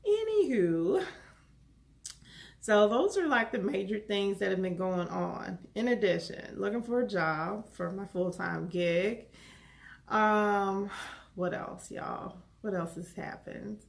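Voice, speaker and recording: Woman vlogger, gravelly texture, lively exclamatory casual chat. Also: mid-range voice, slow pace. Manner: animated, chatty, exclamatory.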